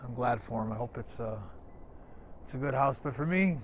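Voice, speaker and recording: A man's voice: mid-range voice, normal speed, slight background noise. A man in his sixties from Canada telling childhood stories in a rambling, reminiscing way with many restarts, standing outdoors. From Calgary, Canada. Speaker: guest giving a tour. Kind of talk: casual storytelling.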